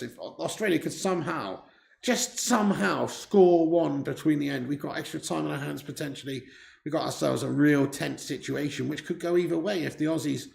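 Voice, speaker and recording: A man hosting a live football watch-along, chatting casually, reading out viewer messages and swearing when he gets excited. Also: a little high, gravelly. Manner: excitable, swears, reads viewer chat aloud.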